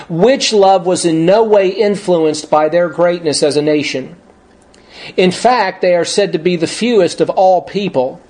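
Male pastor, slightly high pitch, emphatic sermon delivery with casual asides. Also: darkish tone. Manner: emphatic, conversational asides, slows words for stress.

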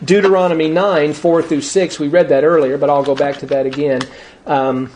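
A man preaching a sermon, emphatic and conversational, slowing words down for stress. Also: on the high side, little pitch movement, darkish tone, a little hiss or hum. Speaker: pastor.

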